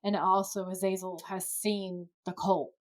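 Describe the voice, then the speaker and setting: A woman's voice: mid-range voice, a little slow. Casual woman retelling a TV episode. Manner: lively play-by-play retelling, casual swearing. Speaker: podcast co-host.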